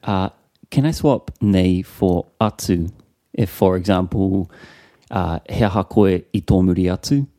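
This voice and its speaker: Low, mellow-voiced New man as a tentative student checking his answers. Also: measured pace, no echo. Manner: tentative, asks checking questions. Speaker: language learner. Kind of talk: casual lesson chat.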